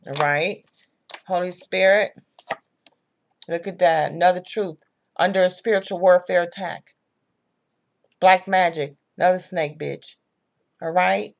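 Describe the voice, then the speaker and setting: A woman's voice: on the low side, steady tone, unhurried, vocal fry, pauses often. Blunt, profane woman tarot reader. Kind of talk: casual tarot reading.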